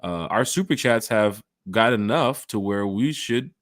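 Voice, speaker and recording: Animated storyteller host, dry close sound. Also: male voice, lowish voice, measured pace, dry recording. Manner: animated storyteller acting out quotes. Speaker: podcast host. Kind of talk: casual podcast chat. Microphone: home podcast mic and camera.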